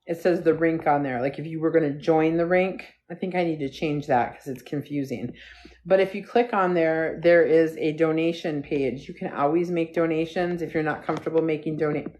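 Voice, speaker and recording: A woman with a low voice hosts a relaxed live stream into her phone. She rambles from topic to topic and keeps breaking off to thank viewers. Her talk is loose and chatty. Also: moderate pace. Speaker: livestream host. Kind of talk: casual live stream chat. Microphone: phone livestream.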